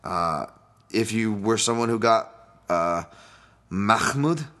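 Deep-voiced man, rambling and profane. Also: animated, slow, fairly bright tone. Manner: rambling, profane, laughs at own jokes. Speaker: podcast host and fight analyst. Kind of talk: casual solo podcast breakdown.

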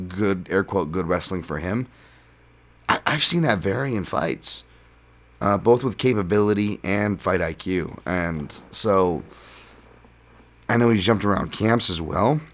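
Low-voiced man hosting a podcast. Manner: relaxed, rambling, filler-heavy. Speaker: podcast host. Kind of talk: casual solo podcast talk.

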